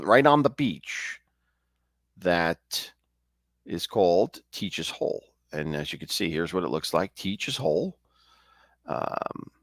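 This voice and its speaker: A man's voice: deep voice, dry recording, clean studio sound. Chatty man telling ghost stories. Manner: conversational, chatty, with frequent restarts and asides. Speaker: storyteller host. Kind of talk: casual ghost-story telling.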